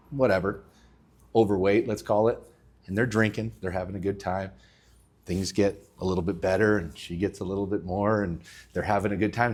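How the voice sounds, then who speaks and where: A man hosting a casual chat, an animated storyteller who laughs often. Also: on the low side, breathy edge. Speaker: podcast host. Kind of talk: casual chat with joke telling.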